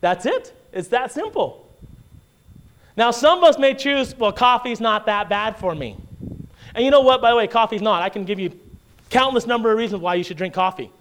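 A man with a notably high-pitched voice delivers a sermon as a pastor. He talks to the congregation in a casual, back-and-forth way, stacking "right?" and "okay?" and doubling up words as he presses his point. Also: lively intonation, fairly quick, fairly bright tone. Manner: conversational preaching with frequent "right?" and "okay?" check-ins; repeats and restarts words when emphasizing.

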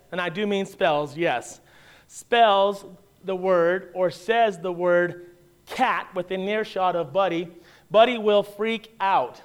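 A pastor delivers a sermon with a high, smooth, resonant voice. He talks in a relaxed, conversational way and slips in wry humor as he tells a story. The sermon is given in a church.

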